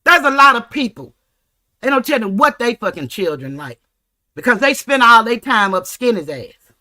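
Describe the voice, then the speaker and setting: A woman's voice: a little high, big pitch swings, moderate pace, bright, forceful tone. A woman, hosting a livestream and ranting angrily with heavy profanity. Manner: angry, profane, confrontational. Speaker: livestream host.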